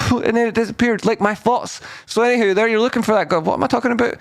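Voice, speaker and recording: A man's voice: extremely high pitch, steady tone, fast talker, creaky, no room sound, clean studio sound. A man hosting a casual live stock chart analysis, rambling and jokey, cutting himself off mid-sentence. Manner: rambling, self-interrupting, jokey asides.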